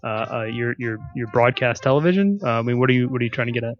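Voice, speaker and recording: Easygoing man chatting, mid-pitched voice. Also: fast, highs cut off. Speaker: podcast co-host. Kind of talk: casual chat.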